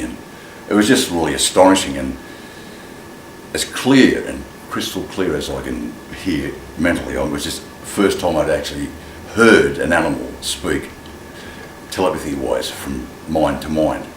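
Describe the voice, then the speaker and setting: A man telling a personal story in an animated way, acting out the voices in it. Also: sits low. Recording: echoey room with clear ambient noise.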